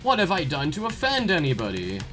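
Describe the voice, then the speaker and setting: Very low-voiced excitable woman streamer. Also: fairly quick, over music. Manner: excitable, scolds herself, yells when she fails. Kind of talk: live-stream gameplay commentary.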